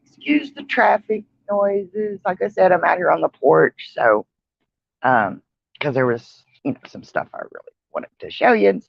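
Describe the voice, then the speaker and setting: Tired woman vlogger, slow chatty ramble, dry muffled sound. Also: sits low, sing-song, creaky, breathy edge, no echo. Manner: rambling, chatty, with many fillers and yawns. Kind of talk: casual vlog chat. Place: outdoor porch with traffic nearby.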